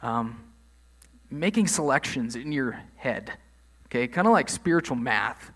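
A man's voice: mid-range voice, animated, unhurried, a bit bright. A man preaching a sermon in a conversational way, leaning hard on key phrases. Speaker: pastor.

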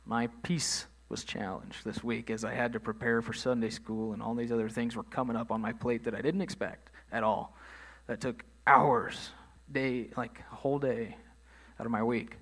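A man's voice: medium pitch, flat delivery, normal speed, fairly bright tone. A man preaching a sermon in a conversational way, leaning hard on key phrases. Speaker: pastor.

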